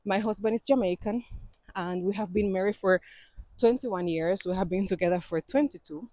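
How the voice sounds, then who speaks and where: Walking and vlogging along an outdoor trail, this Cuban woman in her 40s has a mid-range, dark-toned voice at normal speed. Climbing leaves her slightly winded, yet she chats away, laughing often, with non-native phrasing. The recording is close and dry.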